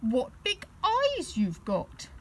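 A woman voicing a small, polite boy teddy bear in a children's storybook, pitched up and timid. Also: huge pitch swings, drawn-out words, heavily acted, poor audio. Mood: fearful. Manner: high, polite and increasingly frightened.

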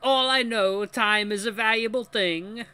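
Mockingly grand and unhurried, this is a theatrical male speaker with a wolfish edge, put on by a man. He stretches every word in a wobbly fake French accent. The voice sits high and bright. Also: steady tone, clean tone. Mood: booming. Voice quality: slow, drawn-out, grandiose delivery.

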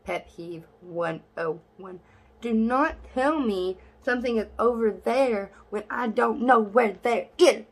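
Young woman vlogging, sassy and blunt, swears a lot, voice shoots way up when she gets annoyed. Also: slow. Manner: voice jumps high when exasperated. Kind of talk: casual talk to camera.

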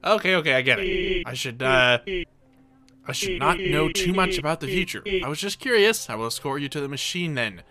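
Excitable high-voiced man playing a game. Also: moderate pace. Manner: excitable, yelps and laughs, reads game dialogue aloud. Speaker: gaming video creator. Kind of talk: let's play commentary.

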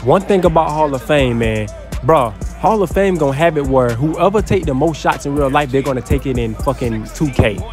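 Young guy hyped up commentating his basketball game, slightly high voice, faint music behind, keeps yelling. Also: moderate pace. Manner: excitable trash talk, bursts into yelling. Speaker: gaming YouTuber. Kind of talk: casual gameplay commentary.

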